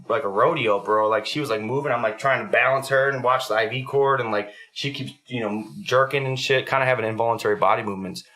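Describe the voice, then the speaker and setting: A man's voice: lowish voice, sharp tone. A young adult man hosting a podcast, telling a story in a casual, profanity-heavy way. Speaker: podcast host.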